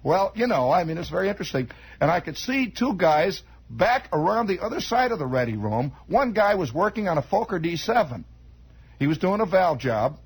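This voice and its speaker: High-voiced, very husky man spinning a yarn. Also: big pitch swings, a little fast, poor audio. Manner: digressive, chatty, many asides and restarts. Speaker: storyteller. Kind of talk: rambling comic storytelling monologue.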